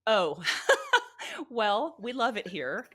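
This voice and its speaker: A middle-aged woman from Georgia, a podcast co-host telling stories in casual chat, lively and laughing often. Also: mid-range voice, slow pace, a loud crowd. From Georgia, USA.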